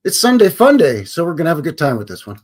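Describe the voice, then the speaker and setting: Folksy husky-voiced man hosting a livestream. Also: fairly high pitch, wildly swooping pitch, fast talker. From Alberta, Canada. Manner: folksy cowboy talk, greets chatters warmly. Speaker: livestream host. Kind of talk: casual live-stream chat.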